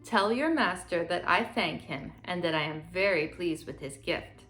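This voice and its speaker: A greedy old king from a fairy tale, grand and easily pleased, talking in a fairly low, comfortable voice. A woman voices him during a read-aloud, with faint music behind. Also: expressive, moderate pace, a bit bright. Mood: regal.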